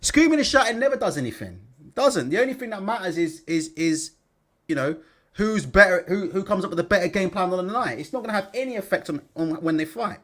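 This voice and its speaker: A man hosting a live stream, talking high and swinging his pitch all over the place. He is blunt and sweary, breaks into laughs and reads viewers' comments aloud in a loose, chatty way. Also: lively intonation, a little fast, a bit bright. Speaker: livestream host.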